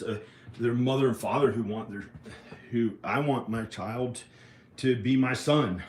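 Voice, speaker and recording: A middle-aged man vlogging in a rambling solo monologue, halting and often restarting his sentences. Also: mid-range voice. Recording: echoey room with faint noise.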